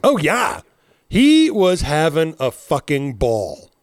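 A man's voice: fairly high pitch, huge pitch swings, slow, dry recording, studio quality. A man in his forties, co-hosting a podcast in casual chat, rambling and cursing as he tells stories with laughs. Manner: rambling, profane, laughing storyteller. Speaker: podcast co-host.

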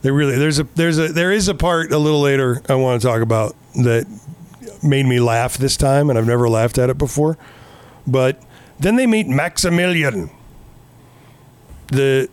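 A man's voice: on the high side, a little mellow, clear, resonant tone. Sarcastic, swearing man recapping a movie. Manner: rambling, sarcastic, swears often. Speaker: podcast co-host. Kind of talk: casual movie recap chat.

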